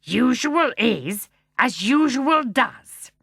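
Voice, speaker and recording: A woman voicing a big, kindly male bear gatekeeper with a deep, gruff voice and a slow, measured way of talking. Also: big pitch swings, fairly bright tone, dry recording, studio quality, exaggerated voice. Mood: gruff, genial.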